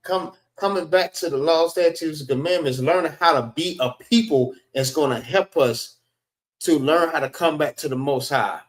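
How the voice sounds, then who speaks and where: A man teaching a class, slowly sounding out letters and checking in with the group as he goes. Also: a little high, recorded from a distance. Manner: slow and deliberate, sounding out letters, frequent "all right" checks. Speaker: class instructor. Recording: roomy echo.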